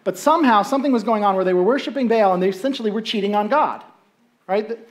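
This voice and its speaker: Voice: mid-range voice, fast talker. Conversational preacher giving a sermon. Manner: conversational, acts out voices of the people in the story; checks in with listeners with rhetorical asks. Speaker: pastor. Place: church sanctuary.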